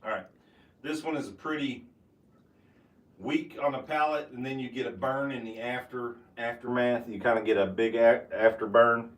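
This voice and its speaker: A man giving a casual tasting review of bourbon, talking with halting restarts and fillers. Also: medium pitch, roomy sound, far from the mic. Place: home basement room.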